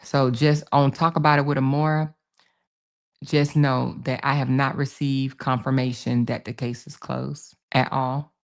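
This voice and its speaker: On a casual livestream, a woman with a creaky bass voice speaks at a measured pace with little rise or fall in pitch. She works through viewer comments, responding with emphasis, saying things over again, and addressing people as "baby" and "honey."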